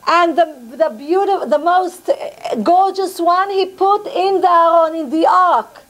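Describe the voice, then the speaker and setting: A woman with a very high voice gives a religious lesson to a women's class. She tells the story with animation, going back over her phrases and mixing in words. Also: unhurried. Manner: animated storyteller, repeats phrases, mixes in Hebrew. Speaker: rabbanit teaching a women's class.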